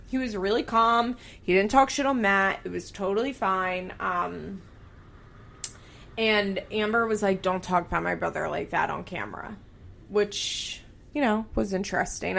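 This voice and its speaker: A young woman talks fast and loose, recapping drama with lots of "like" and the odd curse word. Her voice sits at an ordinary middle pitch and bounces with lively, gossipy energy. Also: gravelly. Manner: animated, swears freely, heavy use of like. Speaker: commentator recapping a reality show. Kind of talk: casual chatty recap.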